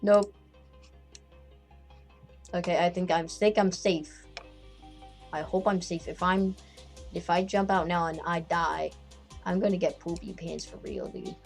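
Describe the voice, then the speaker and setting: A man giving casual, excitable gameplay commentary, joking around and often repeating or restarting his phrases. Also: high-pitched, measured pace, gravelly, long pauses, soft background music.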